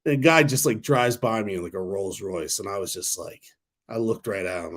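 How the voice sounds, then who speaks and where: A man in his thirties hosting a casual stock talk livestream, rambling and excitable, swearing freely. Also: lowish voice, moderate pace. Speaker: stock talk channel host.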